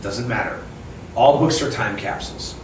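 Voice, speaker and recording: A man who owns a bookstore, chatting casually in an interview, rambling and animated as he tells stories. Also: fairly low pitch, moderate pace, noisy background. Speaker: bookstore owner and author. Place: inside his bookstore. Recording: echoey room, mic at a distance.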